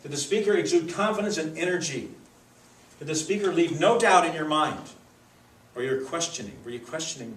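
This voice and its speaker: A man trains speech contest judges, with a lively, demonstrative delivery. His voice sits fairly high for a man. It echoes around the room and is picked up from a distance, over a faint room hum. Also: fairly quick. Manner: lively, demonstrative teaching with acted examples. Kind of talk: workshop lesson. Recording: echoey room, mic far off.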